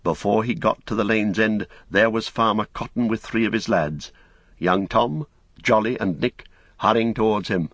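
Deep husky male audiobook narrator. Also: fairly bright tone, dry recording, studio quality. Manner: measured, storytelling.

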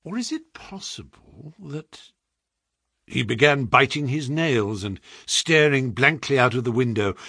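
A man reads a story aloud with an expressive, measured delivery. His voice is husky and ranges widely in pitch. The recording is dry and close. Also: dry recording. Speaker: audiobook narrator. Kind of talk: storybook narration.

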